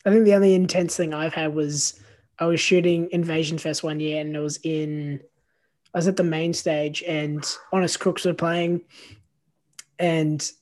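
A man hosting a podcast, telling stories in relaxed casual chat with frequent swearing. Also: a little high, moderate pace. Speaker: podcast host, photographer.

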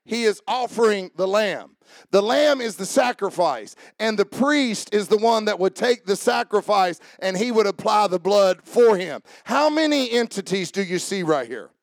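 A man preaching a sermon as pastor, building up to shouting and dropping into mock-calm voices for jokes. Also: high voice, normal speed, no room sound.

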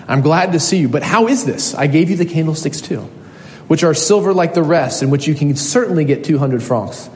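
A man reading the lines of a kindly, solemn old bishop aloud in a gentle, measured way. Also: a little high, lively intonation, lightly acted. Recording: echoey hall, faint noise.

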